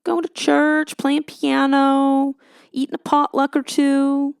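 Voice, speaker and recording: A young woman talks through a casual solo podcast, chatty and quick to poke fun at herself. Her voice carries a gravelly fry at the ends of phrases. The recording is dry and close, with no room sound. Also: high voice, completely flat delivery, dry recording. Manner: chatty, self-mocking, slips into a joking Southern drawl when praying. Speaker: podcast host.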